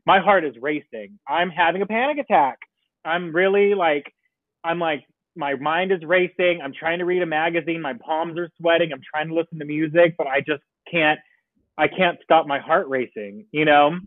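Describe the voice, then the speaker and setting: A man with a high voice tells an animated story in casual chat, laughing often as he goes. The sound is thin and phone-like, with a close, dry feel. He talks as a relaxed podcast guest. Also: moderate pace, no echo. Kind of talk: casual anecdote telling. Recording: tinny phone-like line, dry.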